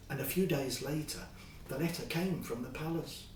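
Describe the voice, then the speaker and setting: A man telling a Bible story to children in a lively, expressive way. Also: fairly high pitch, moderate pace, echoey room, recorded from a distance, a little hiss or hum, rough recording.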